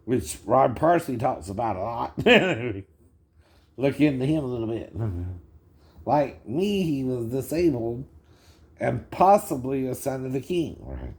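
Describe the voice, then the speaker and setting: A man's voice: medium pitch, darkish tone. A man in his fifties giving rambling commentary on a video, chuckling often and tagging his sentences with "right?".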